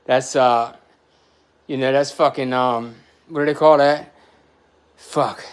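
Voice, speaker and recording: A man in his forties telling a story in a podcast chat, animated and profane, getting emotional as he talks. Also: mid-range voice, slow pace, smooth. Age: 40s.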